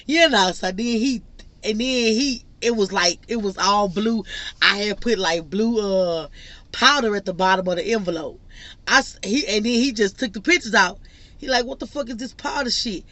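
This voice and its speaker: Young female vlogger, lively storyteller, bright and forceful tone, casual chat. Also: medium pitch, normal speed, dry recording. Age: young adult. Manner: animated, laughing storyteller. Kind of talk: storytime vlog.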